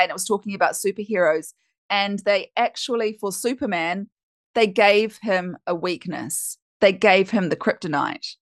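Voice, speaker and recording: A woman's voice: mid-range voice, dry recording, studio quality. A woman hosting a podcast as a coach, talking in a candid, chatty way and swearing now and then. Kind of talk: casual podcast monologue.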